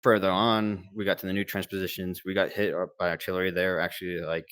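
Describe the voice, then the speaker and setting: A man's voice: low-pitched, level tone, fast talker, fairly bright tone, clear, resonant tone, no room sound. A young man, a former Marine medic, telling war stories casually, rambling with fillers and quoted dialogue. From United States. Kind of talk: casual storytelling interview.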